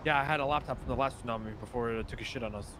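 A man's voice: medium pitch, very fast, fairly bright tone, slight background noise, low-quality recording. A man streaming a role-play game, joking around in brash, profane banter.

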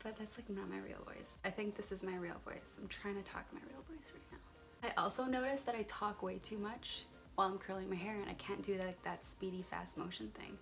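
A woman's voice: mid-range voice, fairly quick, creaky. Young female beauty vlogger, casual and chatty, full of fillers, phone-recorded, light music under it. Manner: chatty, rambling, lots of filler words. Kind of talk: casual hair tutorial chat. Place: warm room at home. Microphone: phone camera.

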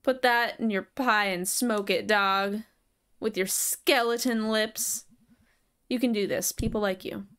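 A woman's voice: mid-range voice, fairly even intonation, a little slow, a bit bright, clear, resonant tone. A woman reading the lines of a sardonic, self-deprecating young woman in a video game, dry and sarcastic.

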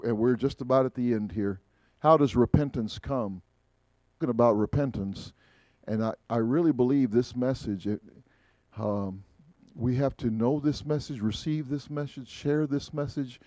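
A man preaching a sermon, swinging from emphatic rises to quiet asides. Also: mid-range voice, no room sound. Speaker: pastor. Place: church sanctuary.

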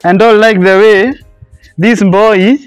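A man's voice: high voice, steady tone, takes it slowly, smooth, no room sound, faint music behind. A man playing a strict schoolteacher in a comedy skit, bossy and repeating his orders. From Kenya.

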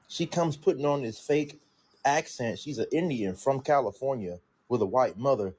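A man's voice: medium pitch, expressive, measured pace, a little mellow, slightly rough. A man ranting indignantly in a casual opinion clip, climbing into exasperated outbursts. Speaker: commentator.

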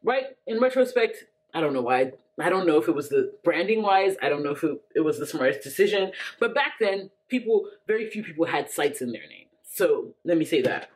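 A woman's voice: sits low, lively intonation, a little fast, few pauses. A woman in her thirties telling a personal story to camera in a chatty, casual way, full of fillers and frequent laughs. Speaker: vlogger.

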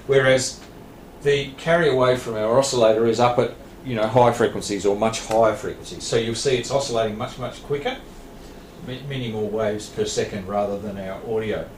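A lowish male voice at a moderate pace leads a radio licence lecture in a training room. The man, who is Australian, explains plainly, restarting frequently and adding small laughs. Echo fills the room, along with a faint hiss.

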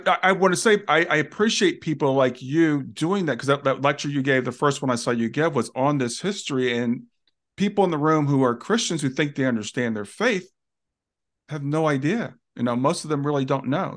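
A man's voice: a little high, expressive, moderate pace, a bit bright. A man hosting a podcast interview, talking in an earnest, reflective way and often restarting his sentences. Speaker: podcast host.

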